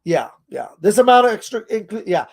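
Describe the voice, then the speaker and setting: A man's voice: high-pitched, very animated, moderate pace, vocal fry, a little mellow, husky. A man hosting a casual tabletop game tutorial, explaining the rules in a rambling way and chuckling often. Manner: rambling, chuckles often, trails off while searching.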